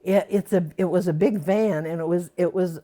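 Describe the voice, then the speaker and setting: A woman's voice: on the low side, fairly even intonation, moderate pace, warm tone. An older woman being interviewed for an oral history, reminiscing in a rambling way with many fillers.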